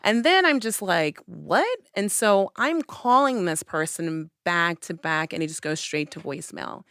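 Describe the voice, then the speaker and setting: A woman's voice: lowish voice, moderate pace, a bit bright, clean tone, no room sound, clean studio sound. A young woman on a podcast, chatting casually and telling a personal story, acting out her own past lines with animation. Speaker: podcast host. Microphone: studio podcast mic.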